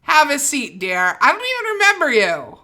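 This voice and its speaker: A woman's voice: high-pitched, wildly swooping pitch, moderate pace, bright, forceful tone, pitched above the performer's own voice, full character voice. Imperious princess hostess, raised voice, sneering, put on by a woman. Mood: haughty. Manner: haughty, dismissive.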